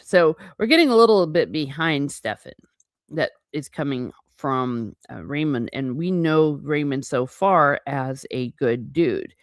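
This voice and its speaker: A woman with a lowish voice reads from a fantasy novel and comments on it between passages. She gushes and talks in animated asides, close and dry on the mic. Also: measured pace, dry recording. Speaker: book reviewer. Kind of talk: reading aloud and commenting on a novel.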